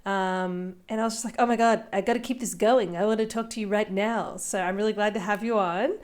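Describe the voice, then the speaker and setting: A woman with an Australian accent hosting a podcast, playful and theatrical, swinging between loud bursts and soft asides. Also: medium pitch, steady tone, fairly quick. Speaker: podcast host. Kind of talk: casual podcast chat.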